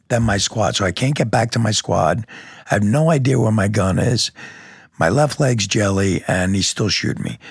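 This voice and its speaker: Raspy gravelly cop telling it blow by blow, low voice, dry close mic, swears now and then. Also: male voice, no echo. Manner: vivid storytelling with sound effects and blunt swearing. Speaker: police lieutenant, guest. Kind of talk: step-by-step recounting in a podcast interview.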